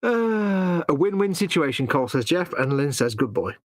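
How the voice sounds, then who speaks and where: A middle-aged man with a slightly husky voice banters on a live stream, teasing his co-host and joking through the talk. His pitch is average and the sound is close and dry. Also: lively intonation, brisk, no echo. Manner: teasing, jokey. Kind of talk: casual banter.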